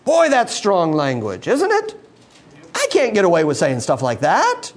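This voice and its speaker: Guy preaching a sermon, high voice that jumps all over, real emphatic, says stuff over and over. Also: wildly swooping pitch, unhurried. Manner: emphatic, repeating words for stress; swings between loud bursts and low, quiet lines.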